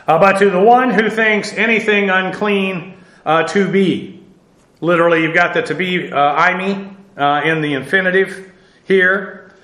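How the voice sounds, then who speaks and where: A man teaching a Bible study on the Greek text, speaking haltingly with many fillers and spelling out words letter by letter, in a classroom. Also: on the high side, pushed and bright. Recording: echoey room.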